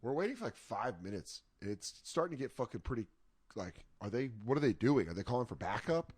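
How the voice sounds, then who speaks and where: A man tells crude, rambling stories in loose podcast banter. His voice sits at an ordinary pitch. The recording is dry and close, with no room sound. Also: sing-song, fairly quick, darkish tone, breathy edge, no room sound. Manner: crude, rambling anecdotes with acted-out quotes. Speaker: podcast co-host. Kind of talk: casual podcast banter, storytelling.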